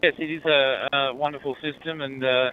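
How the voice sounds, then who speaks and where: A man's voice: medium pitch, fairly even intonation, normal speed, noisy background. An Australian man chatting casually over a handheld radio in his car while driving home, friendly and easygoing. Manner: friendly, easygoing, says mate often. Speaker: amateur radio operator. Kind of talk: casual radio contact chat. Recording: narrow-band two-way radio audio.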